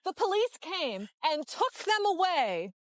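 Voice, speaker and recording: A woman doing a high-pitched, very lively young reporter in a scripted learning skit. She tells her tale slowly and dramatically, in a dry studio sound. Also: no echo, full character voice. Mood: storytelling. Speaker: skit performer.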